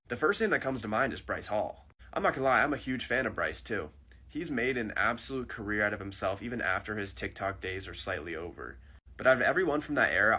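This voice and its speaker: Chatty, slangy young man, bright and husky. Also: lowish voice. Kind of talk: casual commentary to camera.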